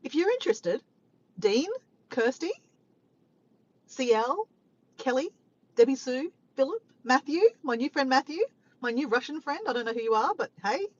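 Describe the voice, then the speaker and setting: Woman live-streaming from a car, playful and laughing, lively pitch, muffled lo-fi sound. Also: moderate pace, long pauses. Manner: chatty, laughs often, playful teasing. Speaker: live-stream host reading viewer comments. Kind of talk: casual live-stream chat. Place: in a car parked by the beach.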